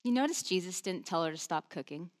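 A woman preacher giving a chatty, conversational sermon, animated and full of asides. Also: on the low side, brisk.

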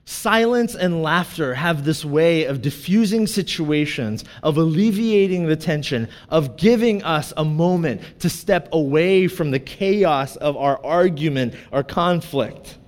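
A man in his thirties preaching from a church stage, his voice sitting notably high for a man. He tells stories in an animated, joking way and pokes fun at himself. A long reverb from the hall trails every phrase. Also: measured pace, few pauses. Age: 30s. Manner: animated, self-deprecating and joking. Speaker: pastor. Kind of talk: sermon with personal storytelling.

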